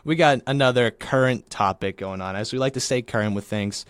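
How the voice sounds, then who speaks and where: A man's voice: medium pitch, brisk, clean tone, no room sound. A young man co-hosting a casual podcast, easygoing and joking, with frequent laughs. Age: young adult. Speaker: podcast co-host.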